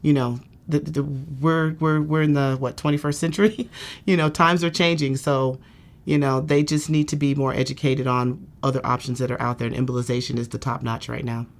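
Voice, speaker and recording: A woman's voice: very deep voice, normal speed, vocal fry. A woman giving a candid testimonial as a patient, telling her story in a chatty way and often saying "you know". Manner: lively, acts out quoted speech.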